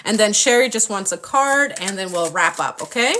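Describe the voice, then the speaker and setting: A woman's voice: mid-range voice, expressive, moderate pace, sharp tone, a little hiss or hum. A young adult woman hosting a spiritual live stream with tarot readings, talking passionately and casually, swearing often and acting out playful impressions.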